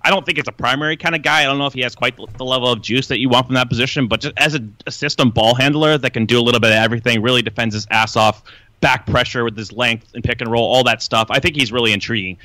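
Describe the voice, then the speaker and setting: A man who is a guest draft analyst on a podcast, talking casually and in fast detail about players. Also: medium pitch, steady tone, bright, forceful tone, no echo. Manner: fast, detailed scouting talk. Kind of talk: casual basketball draft chat.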